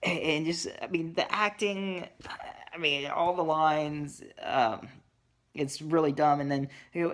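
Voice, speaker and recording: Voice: medium pitch, steady tone, a little slow. A reviewer casually recapping a horror movie, dismissive and sarcastic, with many ums and uhs.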